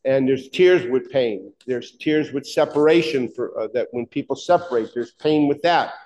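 A man's voice: medium pitch, normal speed, a little mellow. A man preaching a sermon in an emphatic, conversational way, asking his listeners pointed rhetorical questions.

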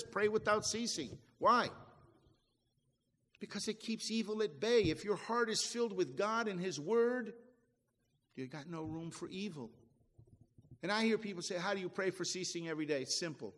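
High-voiced folksy preacher in reverberant hall. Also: male voice, moderate pace, fairly bright tone. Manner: folksy, emphatic preaching with repeated restarts. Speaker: pastor. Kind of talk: sermon.

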